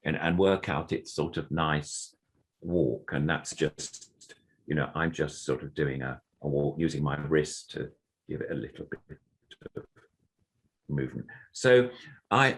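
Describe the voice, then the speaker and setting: Deep-voiced older man explaining puppetry. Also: expressive, unhurried, fairly bright tone, breathy edge. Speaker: puppeteer guest. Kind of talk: explanatory interview answers. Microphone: computer video call.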